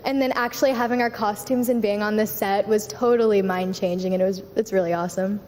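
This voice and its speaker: A teenage girl, a student actor, telling an animated story about rehearsals. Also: medium pitch, quick pace, a little hiss or hum. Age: teens. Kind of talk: talkback answer. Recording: reverberant auditorium.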